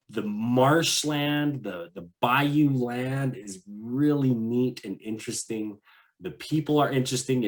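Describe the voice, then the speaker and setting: A man co-hosting a podcast, chatting casually about travel in a rambling way, full of "like" and restarts. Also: medium pitch. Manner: rambling, many fillers and restarts. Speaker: podcast co-host.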